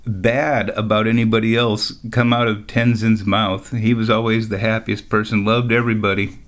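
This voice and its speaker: A man's voice: lowish voice, flat delivery, normal speed. A man telling rambling stories on his own show, laughing often and making wry, sarcastic asides. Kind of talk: rambling casual storytelling.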